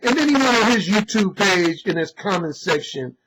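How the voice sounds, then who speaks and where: A man with a notably high-pitched voice rants about his critics in a cocky, emphatic monologue. He is blunt, swears often and leans hard on repetition. A clear hiss of noise runs under his voice. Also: lively intonation, normal speed. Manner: boastful, emphatic, blunt with profanity. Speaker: author and dating coach. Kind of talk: opinionated monologue.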